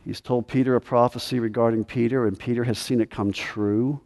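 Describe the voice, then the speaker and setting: A man preaching an expository sermon, pressing his points with emphasis and then dropping to a quiet, intense delivery. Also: medium pitch, fairly even intonation, fairly quick. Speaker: pastor. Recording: long hall reverb.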